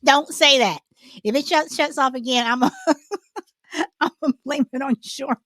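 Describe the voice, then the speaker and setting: A woman's voice: high voice, moderate pace, fairly bright tone, dry recording. A woman hosting a casual livestream chat, talking in loops and breaking into laughter often. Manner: laughs often, chatty and repetitive. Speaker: host.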